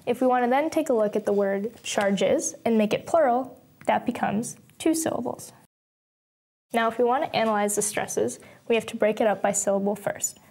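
A young woman teaching an English lesson, explaining patiently step by step and sounding out words slowly. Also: fairly high pitch, a little mellow. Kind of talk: recorded lesson narration.

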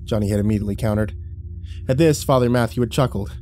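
A man narrating a scripted horror story in a measured, dramatic way. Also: lowish voice, steady tone, warm tone, soft background music.

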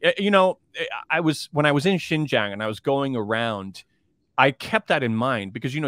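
A man's voice: mid-range voice, a bit bright, no room sound, studio quality. A man speaking as a guest commentator in a podcast interview, rambling, with frequent restarts and fillers. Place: based in China.

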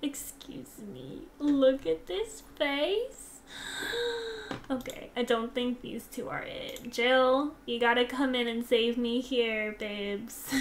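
A young woman casually commenting on a game she plays, gushing and excitable, dropping now and then into soft whispers. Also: a little high, slow, slight background noise. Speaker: gaming channel host.

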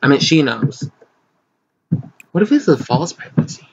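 A man casually commenting as he plays a life-sim game, chatty, excitable and gossipy, recorded on slightly dull lo-fi audio. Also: on the high side, unhurried, slight background noise. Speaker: gaming channel host. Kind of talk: casual let's play commentary.

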